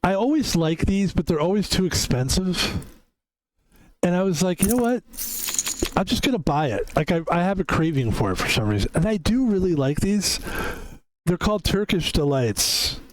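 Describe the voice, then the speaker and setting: A man's voice: high voice, expressive, normal speed. A middle-aged man streaming a poker game, chatting in a rambling, self-correcting way and swearing casually. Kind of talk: casual chat while playing poker.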